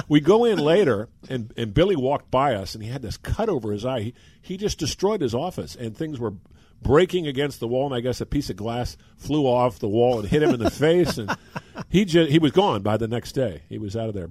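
An older man on a sports talk show, telling animated anecdotes from years of covering baseball in casual conversation. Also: medium pitch, husky, dry recording. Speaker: sports radio host and former reporter. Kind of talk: casual radio talk with stories.

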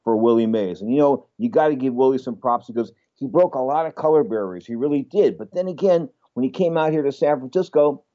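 A man's voice: medium pitch, fairly quick, few pauses, mellow, dull audio. A man hosting a radio sports show, rambling chattily with frequent exclamations. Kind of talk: casual radio talk.

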